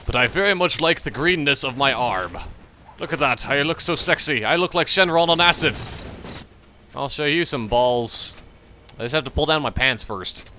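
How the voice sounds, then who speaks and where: A man's voice: a little high, expressive, moderate pace, bright, forceful tone, slight background noise. A man hosting a gaming channel, rambling and joking about beer while he plays. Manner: rambling, jokey, self-mocking; frequent trailing restarts. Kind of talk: casual gameplay commentary while drinking beer.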